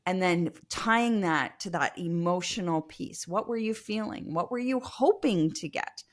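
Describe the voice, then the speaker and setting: A woman who is a guest consultant in a casual interview, explaining her work in a lively manner with many fillers. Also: on the low side, a little slow. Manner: explanatory, lively, uses fillers like um and you know. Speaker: customer experience consultant, guest.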